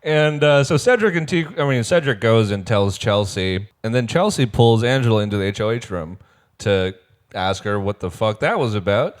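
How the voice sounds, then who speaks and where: A man co-hosting a casual podcast, swearing freely and acting out quotes in high put-on voices. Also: animated, moderate pace. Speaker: podcast co-host. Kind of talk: casual chat recapping a reality show.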